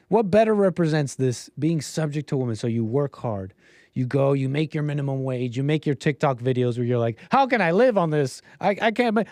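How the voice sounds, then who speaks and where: A man's voice: medium pitch, mellow, no room sound, studio quality. Rambling man hosting a livestream. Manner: rambling, restarts often, mocks others in put-on quotes. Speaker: livestream show host. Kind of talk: casual livestream monologue.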